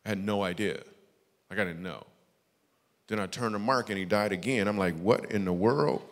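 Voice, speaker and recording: A man doing stand-up storytelling as a guest comedian, lively, acting out the voices of people in his stories. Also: on the low side, a little fast. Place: church stage before a live audience. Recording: echoey church hall.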